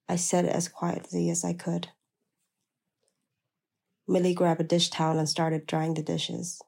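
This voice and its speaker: A woman narrates a first-person memoir in a low, gravelly voice. Her tone is dark and mellow, and her delivery is blunt and plain-spoken. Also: completely flat delivery, a little slow, long pauses.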